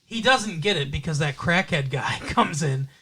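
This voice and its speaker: A man's voice: fairly high pitch, animated, normal speed, pushed and bright, a little hiss or hum. A man co-hosting a podcast, casually retelling a movie plot in a loose, profane way. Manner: loose and profane, with frequent fillers and laughs. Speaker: podcast co-host.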